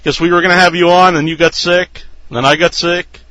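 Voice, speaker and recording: A man's voice: high voice, flat delivery, fairly quick, bright, forceful tone, dry recording, rough recording. A man hosting a horror podcast interview, chatting loosely and easily, with plenty of fillers. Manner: easygoing, loose, with many fillers. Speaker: podcast host. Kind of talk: casual interview chat.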